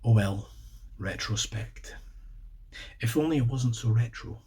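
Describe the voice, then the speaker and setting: Scottish host for a casual explainer vlog: unhurried, slightly husky voice, spells words out, dry humour. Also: male voice, medium pitch, mellow. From Scotland. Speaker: video host.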